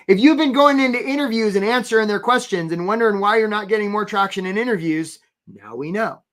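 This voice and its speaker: A man's voice: sits high, lively intonation, fast, hardly any pauses, fairly bright tone. A man coaching job seekers in a live webinar, chatty and playful, often checking in with his audience. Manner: chatty, keeps checking in with "right?"; playful, theatrical asides. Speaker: career coach.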